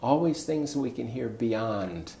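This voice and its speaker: A man in his sixties, a coach, telling a personal story in a conversation with big swings of pitch. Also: expressive, takes it slowly, vocal fry, warm tone. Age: 60s. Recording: echoey room with faint ambience.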